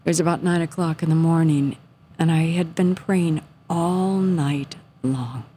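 Low-voiced woman telling her testimony. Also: steady tone, measured pace, a little hiss or hum. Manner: earnest, drops to a soft hush at moments. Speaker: guest telling her story. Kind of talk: personal testimony on radio.

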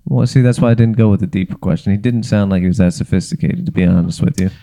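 A man talking as a podcast guest, answering in a hesitant, earnest, deadpan way with plenty of restarts. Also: lowish voice, quick pace. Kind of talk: casual chat.

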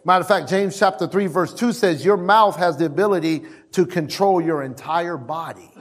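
A male pastor delivers a sermon with a fairly high voice. He is emphatic, repeats his key lines and calls for responses from the congregation. He swings between loud exhortations and low asides.

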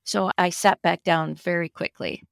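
A middle-aged woman with a low, gravelly voice tells her story emphatically and expressively as a podcast guest. Her pitch leaps up at the big moments. The sound is close and dry. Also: fairly even intonation, unhurried, dry recording. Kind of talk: personal storytelling in an interview.

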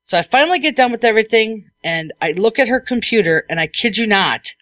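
A woman hosting a podcast as an IT technician, telling a work story in a lively, casual way and acting out what people said. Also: a little high, brisk, no room sound.

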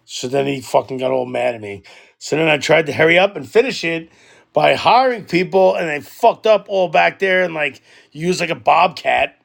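A man, co-hosting a podcast and telling a story in casual chat, animated and swearing a lot. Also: on the high side, moderate pace, creaky. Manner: animated, swears a lot, loudly acts out quoted arguments. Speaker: podcast co-host.

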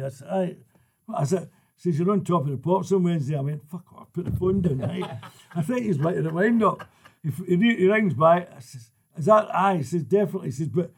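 An older Scottish man with a husky, slightly raised voice. He tells anecdotes as a guest on a chat show, laughing his way through each punchline in a broad accent. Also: on the high side. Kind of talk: casual anecdotes.

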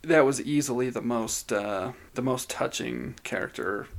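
A man's voice: medium pitch, a little slow, vocal fry. A man co-hosting a podcast in casual chat, telling stories in a chatty way with lots of "like". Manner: chatty storyteller, says "like" often. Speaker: podcast co-host.

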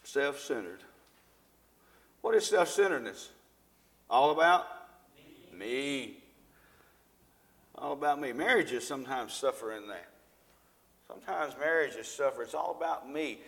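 A man's voice: medium pitch, expressive, measured pace, creaky, pauses often, a bit bright. A middle-aged man giving a conversational live sermon to a congregation, asking the audience questions and often repeating himself. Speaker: lay preacher and school teacher. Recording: long reverb of a large hall.

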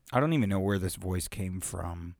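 A man's voice: sits low, vocal fry, darkish tone, dry recording, clean studio sound. A man who reads children's stories aloud, chatting casually about his practice in a rambling, self-deprecating way with many fillers. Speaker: amateur reader of children's stories. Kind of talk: casual chat after a reading.

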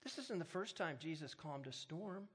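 Man pastor, high voice, sermon delivery, humorous storyteller who turns emphatic. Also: animated, normal speed, a bit bright, breathy edge.

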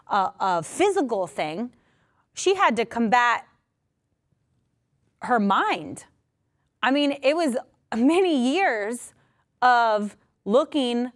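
A woman with a somewhat high voice delivers a sermon. She talks emphatically and drives her points home by repeating short phrases. Now and then she slips into the voices of people from the stories she tells. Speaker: preacher.

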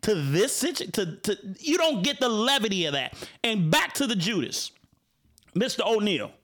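A man's voice: sits high, big pitch swings, moderate pace, fairly bright tone. A man with a Chicago accent hosting a casual talk show, speaking animatedly with frequent repeated words and restarts. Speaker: host.

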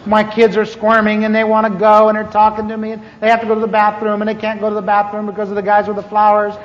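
Giving a humorous personal testimony, an older man speaks fast in a high-sitting voice and animatedly performs the dialogue as the story unfolds. The recording is dull and lo-fi, with a faint hiss and the echo of a hall.

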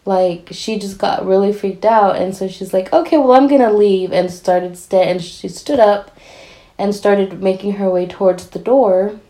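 A young woman casually telling a spooky story, animated and full of fillers. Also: medium pitch, measured pace, poor audio.

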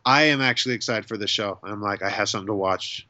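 A man's voice: fairly low pitch, fast talker, sharp tone, highs cut off, a little hiss or hum. A man co-hosting a casual chat show, talking enthusiastically and gushing about what he likes. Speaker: podcast co-host.

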